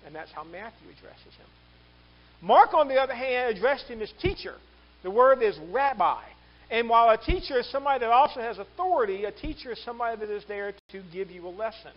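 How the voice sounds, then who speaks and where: A male pastor preaching a sermon in an animated way, acting out the quoted lines. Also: high voice, lo-fi sound.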